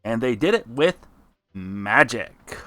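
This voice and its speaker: A man voicing an excitable male crab pushing wild theories, talking insistently. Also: medium pitch, slow, dry recording.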